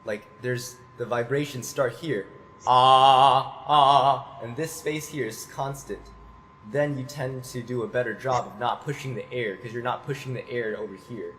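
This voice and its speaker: A man's voice: medium pitch, moderate pace, a little hiss or hum. A man teaching an online singing lesson, patiently explaining technique and singing short demonstration notes.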